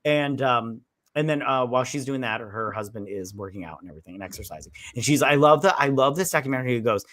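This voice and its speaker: A man's voice: mid-range voice, expressive, fast talker, a bit bright, dry recording. Co-host, male, loose rambling retelling of scenes, dry mic. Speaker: podcast co-host. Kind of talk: casual movie review chat.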